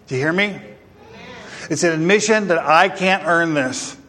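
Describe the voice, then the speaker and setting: A male pastor's voice is a little high, bright and pushed, moving at a measured pace. He delivers an emphatic sermon full of rhetorical questions to the congregation, with long hall reverb on the recording.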